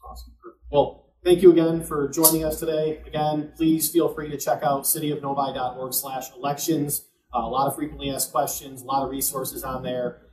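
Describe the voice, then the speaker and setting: A man's voice: mid-range voice, flat delivery, brisk, a little mellow, reverberant, poor audio. A man hosting an interview, asking questions and wrapping up the segment. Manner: scripted, wrapping-up host patter. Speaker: community relations interviewer.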